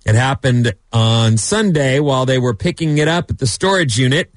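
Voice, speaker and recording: A man's voice: mid-range voice, expressive, moderate pace, no room sound. A man hosts a morning radio show and spins stories in a loose, playful way. His voice sits in a middle register. The sound is close and dry. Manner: chatty storyteller, playful.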